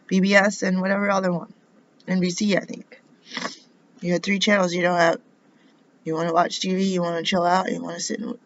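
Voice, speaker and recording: A woman's voice: fairly low pitch, a bit bright, a little hiss or hum. Indignant middle-aged woman, dull lo-fi. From United States. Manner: indignant, rambling, rhetorical questions. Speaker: vlogger. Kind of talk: rambling personal monologue.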